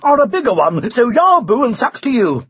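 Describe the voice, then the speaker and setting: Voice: mid-range voice, sing-song, normal speed, a bit bright, husky, dry recording, highs cut off, voice pushed up. A reader doing a cheeky little knight. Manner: cheeky, cocky taunting. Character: small, cheeky, brave male knight.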